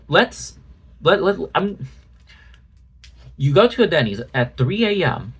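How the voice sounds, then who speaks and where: A man's voice: fairly high pitch, breathy edge. A man doing a ranting commentary video, sarcastic and exasperated, with frequent swearing. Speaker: commentary YouTuber.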